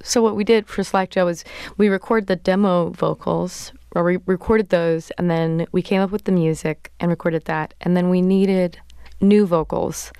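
A woman's voice: fairly low pitch, normal speed, smooth, dry recording, clean studio sound. A woman singer-songwriter talking loosely about her songs in a casual interview, in a large cathedral-like room. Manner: relaxed, loose, with fillers.

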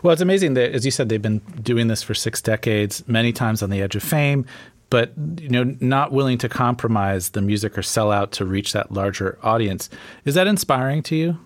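A man hosting an interview, asking friendly, curious questions in a measured way. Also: medium pitch, lively intonation, dry recording. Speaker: interviewer host.

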